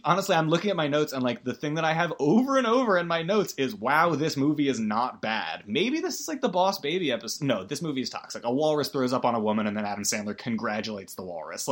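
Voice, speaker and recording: A man's voice: fairly high pitch, lively intonation, quick pace. A man giving a casual, rambling movie recap as a podcast host, full of fillers and wry emotion.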